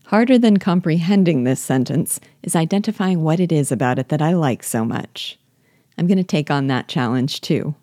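A woman's voice: low-pitched, animated, moderate pace, dark tone, dry recording, studio quality. A woman hosting a reading podcast, giving thoughtful, wry commentary on a novel and reading passages aloud. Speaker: host guiding listeners through a novel.

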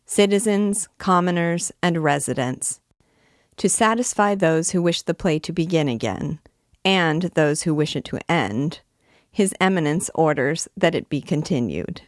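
A man's voice: fairly high pitch, lively intonation, unhurried, no echo, clean studio sound. A woman voicing a nervous male bailiff in a storybook reading, crying out an order to a crowd. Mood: proclaiming. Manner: proclaiming aloud.

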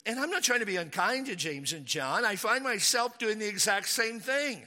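Animated male preacher, high crisp voice, mid-sermon in a church, echoing hall. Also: moderate pace, hardly any pauses. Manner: animated, acts out the disciples' lines in a raised voice. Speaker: pastor. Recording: echoey hall with long reverb.

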